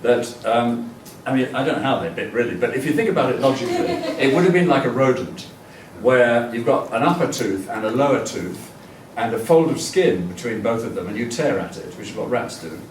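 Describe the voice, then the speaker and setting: A man's voice: mid-range voice, sing-song, fairly quick, hardly any pauses, a little hiss or hum. An older man giving a chatty, rambling public lecture full of fillers and restarts. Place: lecture hall. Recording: echoey hall, distant mic.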